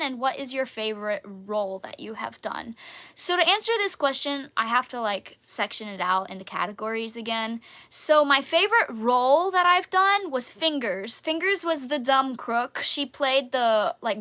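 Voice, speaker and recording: A woman's voice: sits high, bright, forceful tone. A woman hosting a casual live Q&A, chatting in a bubbly, giggly way. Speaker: channel host answering viewer questions.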